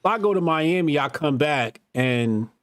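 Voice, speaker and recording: Pitched on the high side, the man speaks a little slowly in a dry, studio-quality recording. He hosts a talk show, chatting casually through stories full of swearing and animated, acted-out quotes.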